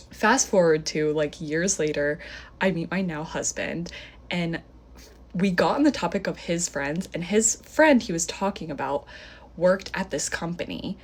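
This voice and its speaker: A young woman telling a story in a casual phone-video style, animated, with lots of filler "like" and a voice that jumps high whenever she quotes someone.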